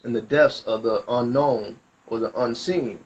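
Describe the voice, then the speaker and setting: A man gives a spiritual reading at a middle pitch, talking in loose, rambling and slangy explanations. The recording sounds dull and lo-fi. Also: measured pace, a little mellow. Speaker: spiritual reader. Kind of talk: casual spoken reading.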